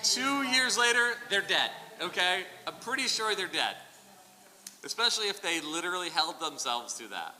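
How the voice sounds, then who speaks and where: A man teaching a casual Bible study in a church hall, animated and digressive with joking asides. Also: sits high, moderate pace. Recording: reverberant hall, faint noise.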